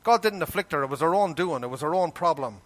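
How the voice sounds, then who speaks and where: This male preacher, fairly high in voice, is expressive and talks fast. His emphatic sermon is full of rhetorical questions, and he takes on the voices of the people he quotes.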